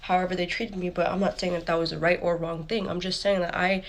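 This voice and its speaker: Speaking quickly with a fairly low pitch and flat delivery, a young woman shares a personal story for her storytime channel. Her telling is candid and casual, full of swearing and quoted remarks from others.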